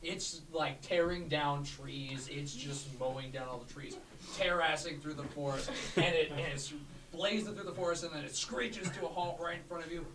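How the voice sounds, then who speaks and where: A player narrating a scene in a tabletop game, halting and full of likes and restarts. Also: medium pitch, steady tone, crowd noise. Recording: roomy, distant mic.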